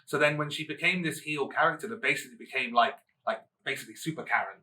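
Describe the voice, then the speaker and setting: A man co-hosting a casual chat show, talking in a bright, forward voice. He acts out quotes in squeaky, high put-on voices, and he sounds a little distant from the mic. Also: quick pace. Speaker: co-host.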